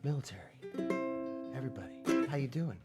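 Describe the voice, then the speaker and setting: A man hosting a live music and movement lesson for children, chatting straight to the kids in an upbeat way and often dropping to soft, near-whispered asides. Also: medium pitch, a little fast. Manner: swings from loud excitement to soft near-whispers. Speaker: children's music teacher and host. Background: faint background music.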